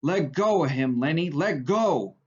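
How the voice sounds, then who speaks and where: A man reading aloud, voicing a panicked male ranch worker who shouts urgently at his friend. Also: fairly high pitch, expressive, measured pace, husky, muffled recording, pitched above the performer's own voice. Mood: frantic.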